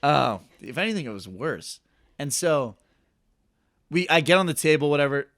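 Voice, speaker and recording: A man's voice: fairly high pitch, expressive, normal speed, fairly bright tone, no echo, studio quality. A young man co-hosting a podcast, telling a self-deprecating story in a rambling way full of "like". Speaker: podcast co-host. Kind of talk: casual storytelling chat.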